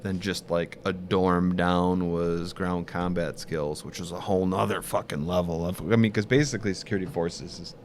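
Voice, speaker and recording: A man's voice: sits low, moderate pace, hardly any pauses, a little hiss or hum. A man from Michigan hosting a podcast, telling stories in casual chat and swearing freely. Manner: swears freely, animated storytelling. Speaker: podcast host.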